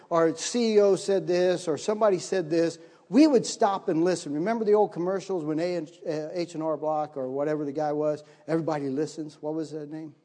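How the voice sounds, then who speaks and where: Animated preaching man, echoing hall. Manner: animated, acts out his own panic in higher voice. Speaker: missionary pastor. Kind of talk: sermon with storytelling.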